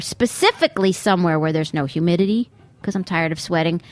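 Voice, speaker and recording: A woman's voice: medium pitch, a bit bright, no room sound. A middle-aged woman from Brooklyn hosting a podcast, delivering a sarcastic, rambling comic monologue full of mocking asides. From Brooklyn, United States. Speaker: podcast host. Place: sitting near a busy pizza restaurant.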